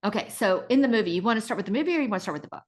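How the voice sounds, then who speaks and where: A middle-aged woman co-hosting a casual podcast, retelling stories in an animated way and acting out the people in them. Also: medium pitch, rapid-fire. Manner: animated retelling with acted-out voices. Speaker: podcast co-host.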